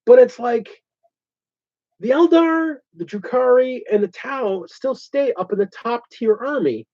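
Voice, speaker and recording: Male host, expressive and chatty, ranting casually over a muffled, lo-fi recording. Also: extremely high pitch, a little slow. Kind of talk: casual chat. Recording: dull lo-fi sound.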